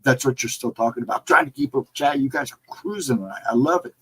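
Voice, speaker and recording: A middle-aged man hosting a casual livestream, reading the chat and answering viewers in a relaxed, reassuring way. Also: medium pitch, fast, gravelly, husky, rough recording. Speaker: livestream host.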